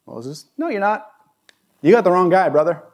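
A man voicing a reluctant male prophet who protests and pleads in a high, whiny voice. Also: lively intonation, moderate pace, a little mellow. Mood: pleading.

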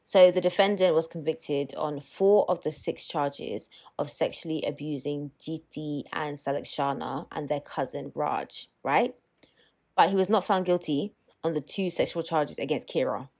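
A woman co-hosting a podcast, recapping a documentary in casual chat, animated and swearing freely. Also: deep voice, normal speed. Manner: animated, swearing, acts out quotes. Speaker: podcast co-host.

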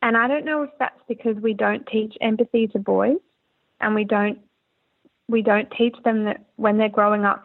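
Woman, from Australia, interview guest, earnest, rambling, gravelly, phone-line sound. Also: medium pitch. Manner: earnest, candid, rambling with restarts. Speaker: musician guest. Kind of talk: casual interview talk.

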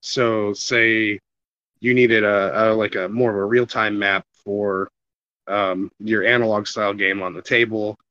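A man joining a casual gaming podcast who talks in a hesitant, halting way. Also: fairly low pitch, little pitch movement, bright, forceful tone. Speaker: podcast guest. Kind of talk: casual chat. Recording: dull lo-fi audio.

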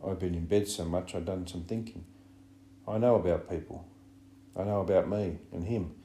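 A man's voice: sits low, normal speed, dark tone, slight background noise. A man reading an audiobook, voicing an anxious, fussy schoolboy who pleads earnestly. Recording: roomy echo.

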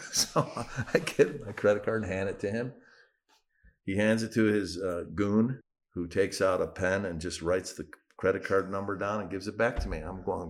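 A missionary pastor telling a personal story in a sermon, animatedly acting out the dialogue. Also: male voice, lowish voice, normal speed.

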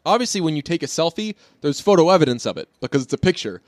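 A fairly high-voiced man rambles through a jokey podcast chat, cursing at every turn. The sound is close and dry, with no room around it. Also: very animated, fast, no echo. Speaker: podcast co-host. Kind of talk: casual comedic chat.

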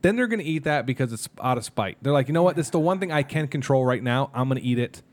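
Man, 30s, podcast co-host, candid and rambling, mid-pitched voice, fillers and restarts. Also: expressive, fast talker. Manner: candid, rambling, emotional storytelling with many fillers. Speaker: podcast co-host, mascot performer. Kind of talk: casual podcast chat.

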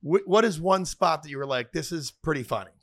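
A man's voice: a little high, brisk. A man hosting a podcast, joking and teasing his guest in casual banter. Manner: joking, teasing, lively asides. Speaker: podcast host.

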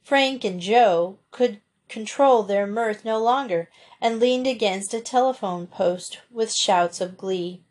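A woman's voice: medium pitch, slow pace, hardly any pauses. Woman narrating a storybook. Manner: steady, expressive reading. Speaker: audiobook narrator.

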